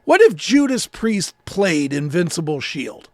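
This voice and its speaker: Fifties guy cohosting a podcast, high gravelly voice, dry close mic, sarcastic and sweary. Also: big pitch swings, measured pace, dry recording. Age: 50s. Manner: sarcastic, ranting, swears often. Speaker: podcast co-host. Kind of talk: casual profane podcast banter.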